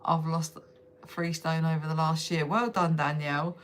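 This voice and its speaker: A woman's voice: low-pitched, little pitch movement, moderate pace, a little hiss or hum. Chatty woman swearing freely on a live stream. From United Kingdom. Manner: chatty, swears freely, laughs often, answers comments directly. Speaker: livestream host. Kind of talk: casual live chat with viewers.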